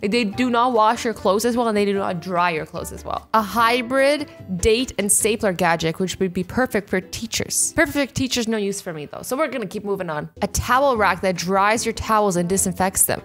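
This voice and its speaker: A young woman in her twenties doing a casual reaction vlog at home, bubbly and animated, acting out quick little scenarios. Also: medium pitch, faint music behind. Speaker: YouTuber reacting to invention ideas.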